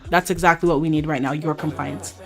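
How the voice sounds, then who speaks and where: A woman's voice: deep voice, steady tone, fast talker. Woman doing a stiff, polite male cop. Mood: formal. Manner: stiff, overly polite questioning. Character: calm formal male police officer. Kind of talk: voicing game characters in a let's play.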